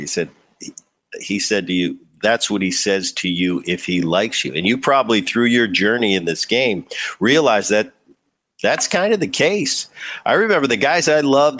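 A man's voice: lowish voice, lively intonation, fairly bright tone. Conversational middle-aged male podcast host. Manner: conversational, halting restarts. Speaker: podcast host, former player. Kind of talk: casual interview.

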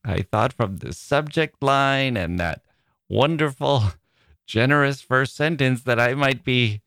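A man's voice: mid-range voice, takes it slowly, fairly bright tone, smooth, no room sound, clean studio sound. A man hosting a literary podcast, playful and theatrical, often laughing at himself, with a voice a listener called squirrel-like. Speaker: podcast host.

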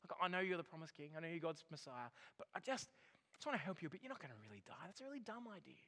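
A preacher voicing an impulsive, pleading disciple. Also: male voice, a little high, big pitch swings, racing, fairly bright tone, long reverb tail. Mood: coaxing. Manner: coaxing, over-familiar.

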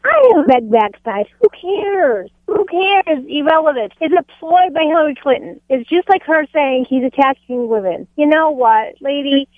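A woman from Michigan calling into a radio show, speaking in an emphatic, indignant, animated way. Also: high voice, moderate pace, hardly any pauses, no echo. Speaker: caller. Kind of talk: call-in radio talk. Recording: tinny phone line.

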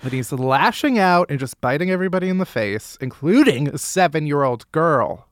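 Sarcastic comedy host, a man with a slightly high voice and a dry, close sound, swearing freely through the news. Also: lively intonation, normal speed, dry recording. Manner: sarcastic and profane, with frequent laughs. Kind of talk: casual comedic news roundup.

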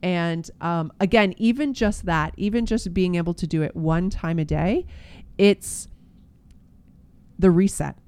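A woman's voice: fairly low pitch, a little slow, darkish tone, clear, resonant tone. A woman co-hosting a casual faith podcast, talking earnestly and gushing, often trailing off mid-sentence. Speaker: podcast co-host.

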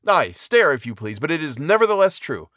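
A man voicing a blunt, boastful older male professor with a harsh, gruff manner in a storybook reading. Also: on the high side, very animated, brisk, fairly bright tone, no room sound, studio quality. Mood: blustering.

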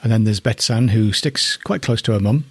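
At a moderate pace, this middle-aged northeast English alpaca keeper muses fondly and casually about his herd. His voice is fairly low and husky, with no room sound.

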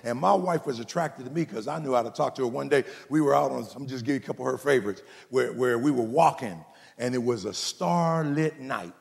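A man's voice: mid-range voice, fairly quick, vocal fry, big-room sound. A middle-aged male pastor preaching a sermon, telling playful stories and calling out to the congregation. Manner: folksy preacher, playful storytelling, calls out to the congregation.

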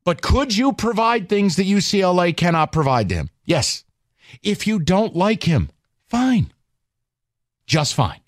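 Sarcastic, animated sports radio host man. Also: sits high, moderate pace, no room sound, studio quality. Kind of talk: heated sports talk radio. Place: radio studio.

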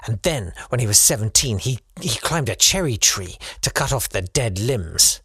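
A man's voice: mid-range voice, expressive, normal speed, a bit bright, husky, dry recording. Playful man telling a comic history story. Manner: playful storyteller, slips into silly voices for quotes. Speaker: podcast co-host.

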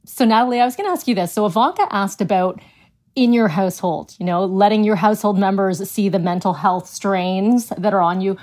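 Upbeat woman host, mid pitch. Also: a little fast, a little mellow. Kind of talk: casual interview talk.

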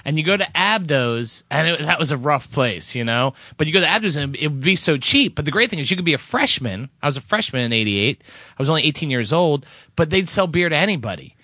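A man in his fifties co-hosting a podcast in casual chat, teasing and quick to laugh. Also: fairly high pitch, lively intonation, bright, forceful tone, no room sound. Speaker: podcast co-host.

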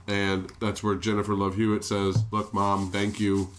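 A man's voice: lowish voice, completely flat delivery, moderate pace. A man casually walking through a film's plot, scene by scene, for his co-hosts. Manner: plain storytelling, walks through plot step by step. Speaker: podcast co-host. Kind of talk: casual movie recap chat.

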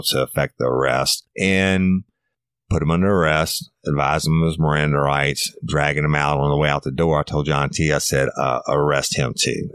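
A man's voice: a bass voice, a bit bright, no room sound, clean studio sound. A middle-aged man, a former police officer telling a story in a blunt, profane, folksy way. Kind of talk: true crime storytelling podcast.

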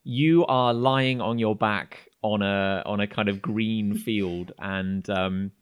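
Here the game master has a fairly low, clean-toned voice, and he narrates the tabletop session casually, stumbling along with many fillers.

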